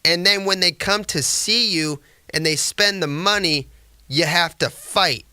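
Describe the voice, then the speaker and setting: A man's voice: sits high, a little slow, sharp tone, clear, resonant tone, no room sound, clean studio sound. A man hosting a sports podcast, giving casual, sarcastic commentary that rambles. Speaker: podcast host.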